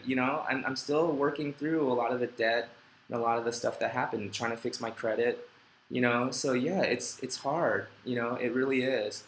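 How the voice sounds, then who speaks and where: A man's voice: medium pitch, steady tone, normal speed, reverberant, slight background noise, low-quality recording. A middle-aged man hosting a live question-and-answer stream, reading viewer comments aloud and talking in a heartfelt, rambling way with self-deprecating jokes. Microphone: desk microphone.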